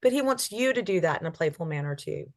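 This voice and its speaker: A woman with a fairly low voice giving an animal communication reading. She explains gently and reflectively in casual talk. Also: animated, quick pace.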